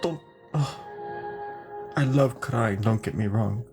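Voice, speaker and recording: A man's voice: medium pitch, slow, over loud music. A man chatting casually on a live stream while he draws, rambling and joking and laughing often. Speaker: live-streaming drawing host.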